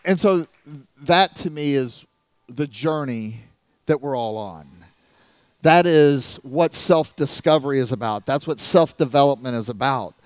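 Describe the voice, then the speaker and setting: A middle-aged man telling a story as a motivational speaker, animated, acting out the voices of the people in it. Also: mid-range voice, a little slow, clear, resonant tone, dry recording. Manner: animated, acts out the voices of people in his stories. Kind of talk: storytelling talk to a live audience.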